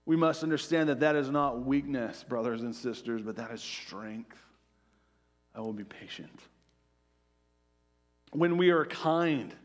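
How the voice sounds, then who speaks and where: A middle-aged male pastor preaching a conversational sermon, peppered with "right?" asides and dropping to a soft hush on key phrases. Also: medium pitch. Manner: drops to quiet, soft emphasis on key phrases.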